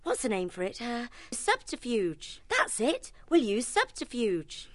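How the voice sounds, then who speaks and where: An actress playing a brisk, practical female otter in a full-cast audiobook. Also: on the high side, wildly swooping pitch, exaggerated voice.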